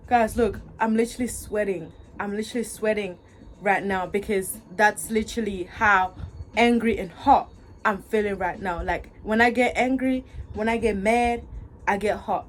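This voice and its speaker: A woman's voice: mid-range voice, normal speed, slight background noise. A young woman vlogging a storytime, talking straight to her viewers, repeating herself and swinging between angry outbursts and laughter. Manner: animated, repetitive, talks straight to viewers. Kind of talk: casual storytime vent.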